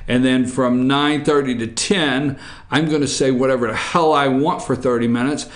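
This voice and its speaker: A man's voice: mid-range voice, steady tone, normal speed, reverberant. A man hosting a casual morning opinion show from a studio, rambling and joking irreverently.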